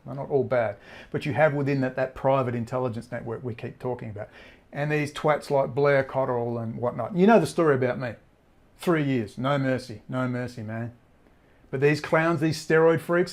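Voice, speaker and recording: A man's voice: medium pitch, darkish tone. A man giving a ranting, emphatic monologue as an online commentator, often repeating phrases for emphasis. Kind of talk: direct-to-camera monologue.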